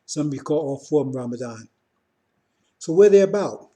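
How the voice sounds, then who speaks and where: Dark-voiced man preaching, keeps asking "see?". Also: a little high, lively intonation, fairly quick. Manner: repetitive, keeps asking "see?", restarts often. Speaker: religious teacher. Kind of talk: informal sermon.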